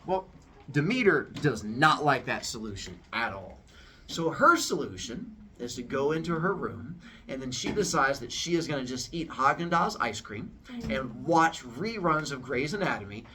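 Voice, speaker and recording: A man's voice: expressive, moderate pace, bright, forceful tone, distant mic, slight background noise. A man casually retelling an old myth as a comic story, playfully switching into character voices. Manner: playful, jumps into high squeaky voices for characters. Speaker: storyteller host.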